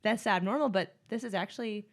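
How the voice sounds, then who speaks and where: A woman's voice: mid-range voice, a little fast. A woman who works as a personal trainer, co-hosting a fitness podcast and chatting casually, laughing easily as she talks. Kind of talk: casual chat.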